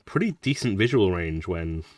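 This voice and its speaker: A man's voice: deep voice, lively intonation, normal speed, recorded from a distance. A man casually commenting on his playthrough as a gaming streamer, chatty with mumbled asides. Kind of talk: casual let's-play commentary.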